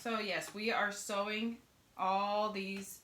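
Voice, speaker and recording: A woman's voice: medium pitch, flat delivery, slow pace, very noisy. A young woman giving a casual sewing tutorial, chatting and joking with viewers as she works at her sewing machine. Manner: chatty, jokey asides to viewers while working. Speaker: sewing pattern instructor.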